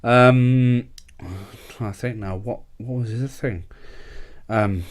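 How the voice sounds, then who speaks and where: A man's voice: medium pitch, fairly even intonation, takes it slowly. Rambling young man, casual chat. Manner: rambling, swears freely, laughs often. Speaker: podcast host.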